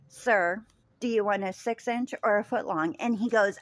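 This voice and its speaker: A woman's voice: medium pitch, moderate pace, no echo. A woman vlogger telling a story about a rude sandwich-shop customer in casual chat, rambling with many fillers and restarts.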